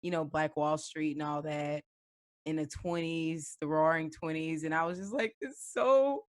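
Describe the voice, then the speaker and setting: A woman's voice: deep voice, flat delivery, moderate pace. A woman co-hosting a casual podcast, telling rambling stories and laughing a lot. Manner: giggly, rambling storytelling. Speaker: podcast co-host. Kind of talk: casual chat.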